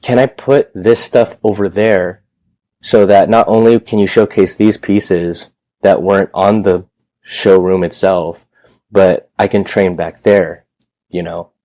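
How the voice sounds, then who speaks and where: A man's voice: low voice, fairly even intonation, measured pace, mellow, dry recording. A man in his thirties, a gym owner telling his story in a loose, rambling way, with casual swearing. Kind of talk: casual interview chat.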